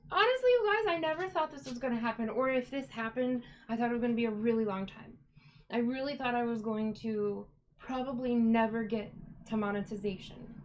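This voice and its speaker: A woman's voice: a little high, fairly even intonation, fairly quick, a little mellow, poor audio. A woman hosting a casual live stream from home, chatting and greeting viewers by name while she dyes yarn. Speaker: livestream host dyeing yarn.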